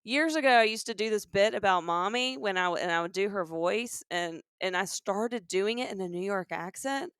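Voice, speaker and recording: This is a middle-aged woman from Alabama with a Southern American accent, talking on a comedy podcast. She rambles, trails off mid-thought and pokes fun at herself. Her voice is mid-pitched, and the recording is dry and close with no room sound. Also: normal speed, few pauses, fairly bright tone, clear, resonant tone, dry recording. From Alabama, USA. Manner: rambling, trails off, self-mocking. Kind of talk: casual comedic chat.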